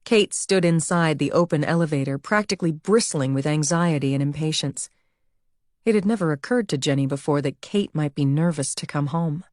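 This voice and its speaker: A woman narrating an audiobook with even, measured storytelling. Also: deep voice, no room sound, clean studio sound. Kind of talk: scripted narration.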